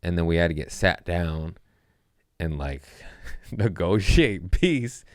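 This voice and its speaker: A low-pitched male comedian spinning a crude workplace story with loud, animated outbursts and plenty of swearing. The sound is dry and close, with no room echo. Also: takes it slowly. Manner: profane, animated, laughing storyteller. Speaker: comedian podcast host. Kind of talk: casual storytelling.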